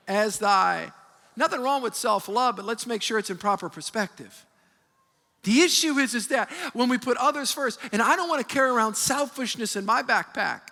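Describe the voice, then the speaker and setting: A man preaching a sermon as pastor, animated and emphatic, often restarting his sentences. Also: sits high. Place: large church hall. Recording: long hall reverb.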